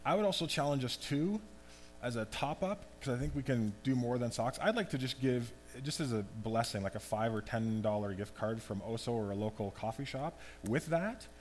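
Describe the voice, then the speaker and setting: A man giving a conversational, animated sermon as pastor. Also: mid-range voice, moderate pace. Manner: conversational, animated preaching with asides. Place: church hall. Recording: long hall reverb, faint hum.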